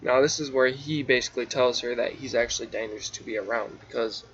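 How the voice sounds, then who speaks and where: A man's voice: mid-range voice, steady tone, fast talker, husky. Man casually reading his own story aloud. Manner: offhand, drowsy, stumbles and restarts. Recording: dull lo-fi recording with faint hiss.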